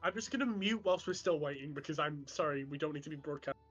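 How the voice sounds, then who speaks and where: A man's voice: on the high side, expressive, fast talker, breathy edge, dull audio, faint music behind. A man with his tabletop gaming friends, directing them and apologising during an off-air break. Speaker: tabletop game player. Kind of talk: casual off-air chat. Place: shared room with friends.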